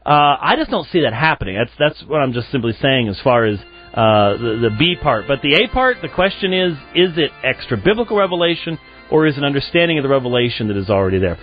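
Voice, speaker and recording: A man's voice: mid-range voice, very animated, brisk, dry recording, highs cut off, faint music behind. A man hosting a call-in radio show, pressing a caller with argumentative questions.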